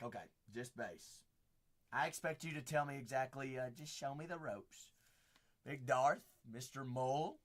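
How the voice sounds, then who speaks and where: Brief: male card-break host, lively pitch, bright edge, unhurried delivery, excitable. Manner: excitable, exclaiming, chatty asides. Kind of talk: live-stream card breaking.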